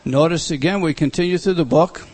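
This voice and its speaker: A middle-aged man leads a Bible study lecture in a slightly raised voice. He talks slowly and deliberately and doubles up his words to stress a point. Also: on the high side, a little mellow, breathy edge. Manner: slow, deliberate, repeats words for emphasis. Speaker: Bible teacher.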